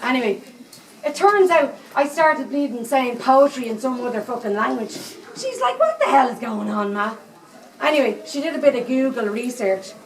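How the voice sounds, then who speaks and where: A woman's voice: sits high, animated, moderate pace. A woman performing a foul-mouthed 78-year-old Dublin psychic in a live stage comedy monologue, with a thick Dublin accent and constant swearing asides. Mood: cheeky. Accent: Dublin Irish. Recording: echoey room, mic far off.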